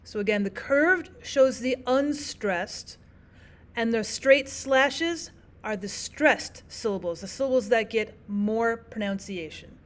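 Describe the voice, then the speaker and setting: A woman with a fairly high voice takes it slowly as she teaches a recorded lesson. She works through terms step by step, staying clear and methodical and repeating the essential points.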